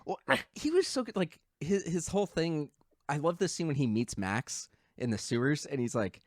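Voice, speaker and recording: Male podcast co-host, middle pitch, animated retelling, dry. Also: normal speed, dry recording. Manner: animated storytelling, acts out quotes. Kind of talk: casual chat.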